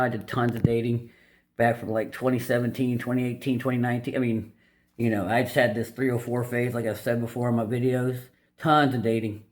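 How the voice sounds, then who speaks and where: A man hosting a video, summarizing a dating-advice book in casual, unscripted commentary. He is blunt and opinionated, and he rambles with lots of fillers and restarts. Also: medium pitch.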